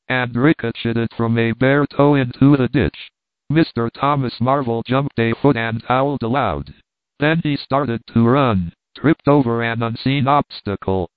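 A man reading a classic novel aloud in measured, plain narration. The sound is thin and tinny. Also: medium pitch, no echo. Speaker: audiobook reader. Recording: tinny, dry phone-like sound.

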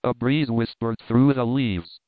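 A man giving a scripted, even narration of a mystery novel as an audiobook. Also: medium pitch, unhurried, dry recording. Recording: dry, tinny narrow-band audio.

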